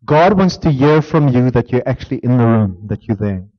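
A man preaching a sermon as pastor, swinging from emphatic declarations down to hushed near-whispers. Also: mid-range voice, animated, normal speed, dull audio.

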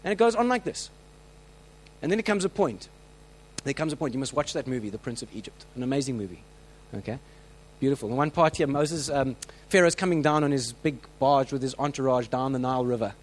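A man preaching a sermon, telling stories with lively acted-out voices and frequent restarts. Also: medium pitch, brisk, poor audio. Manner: animated storytelling, acts out quoted voices; many restarts and filler words.

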